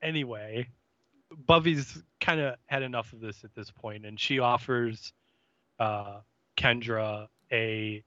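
A man co-hosting a podcast, recapping an episode in a relaxed, halting way with fillers. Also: medium pitch, no echo, dull audio. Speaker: podcast co-host. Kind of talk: casual recap chat.

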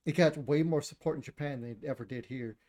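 A man's voice: a little high, quick pace, darkish tone. A man co-hosting a casual chat about video games, blunt and opinionated, swearing and laughing often.

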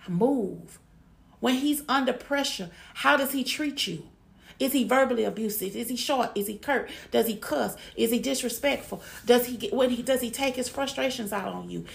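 A woman's voice: fairly high pitch, creaky. A woman giving frank relationship advice to women in a blunt, emphatic monologue, often repeating herself.

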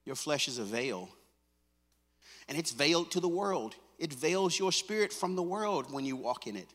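A male pastor preaches in a church sanctuary. His voice sits a little high for a man and sounds bright and forceful. It carries a long reverb through the hall, and he swings from hushed, close talk to fervent, rising exhortation. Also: lively intonation, moderate pace. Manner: repeats phrases, conversational with fillers like "man" and "come on". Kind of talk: sermon.

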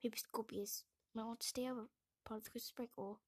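A woman reading the part of a frank, sharp-tongued grown woman in a brisk half-whisper. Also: fairly high pitch, steady tone, husky, no echo. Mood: recounting.

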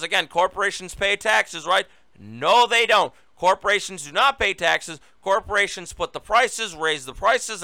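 Sarcastic high-voiced male host. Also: bright, forceful tone, clean tone, no echo. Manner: sarcastic, combative, mocking. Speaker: political talk show host. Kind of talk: opinionated political commentary.

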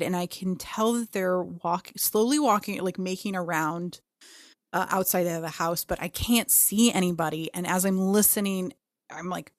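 A young woman tells a personal ghost story in a relaxed, chatty way. She swears easily and slips into little voices for the people she quotes. The sound is close and dry, with no room around her. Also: fairly low pitch, no echo. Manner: animated, swears freely, acts out quotes. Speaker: podcast co-host. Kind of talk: casual storytelling.

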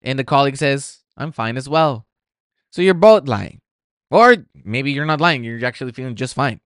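A man's voice: medium pitch, animated, brisk, fairly bright tone, no echo, clean studio sound. A man hosting a solo podcast, talking reflectively and asking his listeners many questions. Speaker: podcast host.

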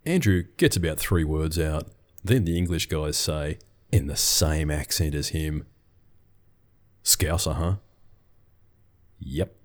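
A man's voice: extremely low pitch, measured pace. A middle-aged man, telling a scripted business story in a dry, wry way. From Australia.

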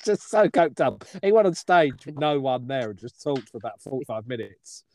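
A man's voice: mid-range voice, very animated, normal speed, a little mellow. A man, a comedian co-hosting a podcast, chatting wryly about old gigs and laughing often. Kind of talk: casual chat telling stories.

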